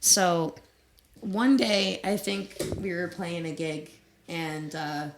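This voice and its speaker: A woman's voice: on the low side, takes it slowly, slight background noise, low-quality recording. A woman with a New Jersey accent, a musician guest telling stories in a casual chat, laughing often, recorded in a podcast studio. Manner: chatty storyteller, laughs often.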